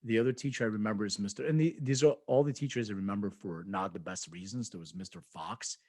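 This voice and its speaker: A man's voice: lowish voice, fast, darkish tone, slightly rough, no echo. A man co-hosting a podcast, telling rambling anecdotes in casual chat, acting out quoted voices and laughing often. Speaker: podcast co-host.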